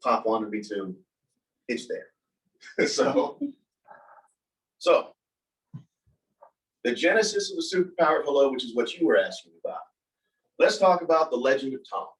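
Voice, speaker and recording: A man's voice: medium pitch, a little slow, long pauses. A man tells a personal story in a loose, casual way. He livens it up by acting out what other people said. His voice sits in an ordinary middle range and sounds a bit distant from the microphone. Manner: animated, acts out quoted voices. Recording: voice from a distance from the mic.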